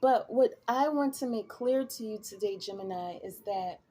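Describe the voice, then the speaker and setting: A woman's voice: mid-range voice, moderate pace, dark tone, a little hiss or hum. A woman giving a tarot reading, musing and chatty, who now and then breaks into laughter. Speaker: tarot reader.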